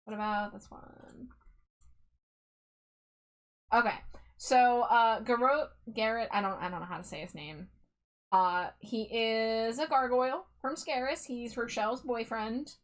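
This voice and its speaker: Fairly high-voiced woman host, blunt and sarcastic, swearing in casual stream chat. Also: measured pace, long pauses. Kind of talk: casual chat, reading toy bios.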